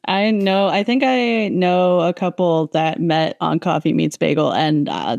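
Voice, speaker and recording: Smooth-voiced, deadpan young woman guest. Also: lowish voice, unhurried, no echo, highs cut off. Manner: dry, deadpan remarks with hesitant fillers. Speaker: podcast guest. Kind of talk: casual chat.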